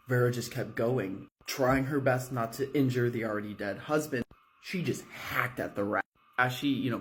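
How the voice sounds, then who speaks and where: A man spins a dark horror tale in a casual, loose way, swearing and leaning on fillers. His voice sits at a middling pitch. He speaks from a hotel room. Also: a little hiss or hum. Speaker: storyteller. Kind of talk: horror storytime narration.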